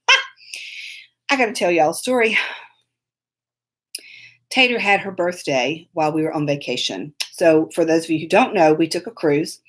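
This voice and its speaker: A woman hosting a live online show from a phone on a tripod. She rambles through a story in casual chat, laughing often and breaking off to greet viewers by name. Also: fairly low pitch. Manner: laughs often while telling stories.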